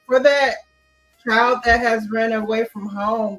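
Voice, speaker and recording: A woman's voice: fairly high pitch, fairly even intonation, slow pace, a bit bright, soft background music, poor audio. A middle-aged woman guest earnestly recounting her own experience with her mother. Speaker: guest co-author. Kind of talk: personal storytelling.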